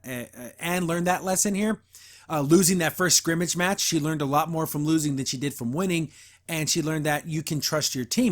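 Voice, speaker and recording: A man hosting a podcast, giving a casual, rambling episode review full of enthusiasm and frequent laughs. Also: a little high. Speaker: podcast host.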